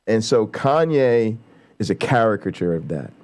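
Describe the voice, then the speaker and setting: A man's voice: lowish voice, animated, normal speed, a little mellow. A man hosting a casual livestream, talking bluntly and profanely and building to heated, emphatic outbursts. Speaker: show host.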